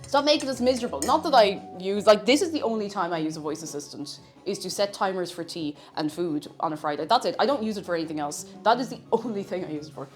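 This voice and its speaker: A woman livestreams from her home kitchen, chatting casually as she cooks and reading chat messages aloud. Her voice is medium-pitched and she talks fast with hardly any pauses, with faint music in the background.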